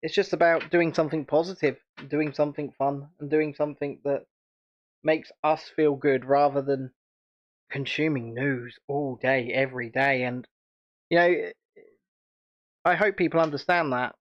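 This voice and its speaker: A man's voice: on the high side, fairly even intonation, normal speed, lo-fi sound. A British man hosting a casual livestream chat, chatty and rambling, and laughing often. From United Kingdom. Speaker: channel host.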